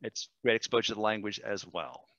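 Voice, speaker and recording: Upbeat bright-voiced man giving a webinar. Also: lowish voice, dry recording, lo-fi sound. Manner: enthusiastic, quick, with fillers and self-corrections. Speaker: language teacher presenting a webinar. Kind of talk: screen-share webinar demo.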